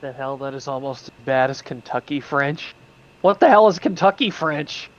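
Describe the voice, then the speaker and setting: A man's voice: mid-range voice, animated, normal speed, fairly bright tone, highs cut off. A man in casual voice chat, joking and making playful mock threats while swearing freely. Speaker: streamer.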